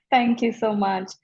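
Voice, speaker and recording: A woman wellness coach answering interview questions in a slow, soothing, deep voice. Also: husky, no echo, lo-fi sound. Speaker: emotional wellness coach, guest.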